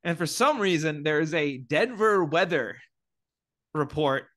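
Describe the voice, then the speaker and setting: A man's voice: a little high, animated, measured pace, fairly bright tone. A man co-hosting a podcast, chatty and picking at small movie details. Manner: chatty, nitpicky about details, laughs easily. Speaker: podcast co-host. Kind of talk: casual movie-recap chat.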